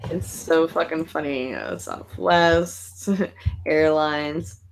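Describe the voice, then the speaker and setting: A woman's voice: sits low, very slow, creaky, a little hiss or hum, low-quality recording. A woman hosting a casual late-night group chat over an online call, swearing freely and laughing often. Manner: profane, excitable, laughs a lot. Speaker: podcast host.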